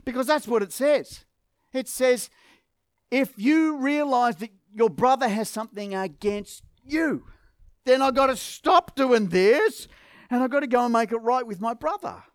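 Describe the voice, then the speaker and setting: Male pastor, high lively voice, emphatic sermon delivery, dry close sound. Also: measured pace, clean tone, dry recording. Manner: emphatic, swings from loud to hushed. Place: church hall.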